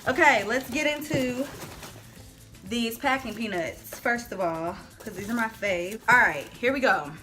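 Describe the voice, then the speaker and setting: An excitable woman chatters through a casual unboxing at home, her voice bright and ringing and pitched a little high. Soft music plays faintly underneath her. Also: measured pace. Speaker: vlogger unboxing hair products. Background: faint background music.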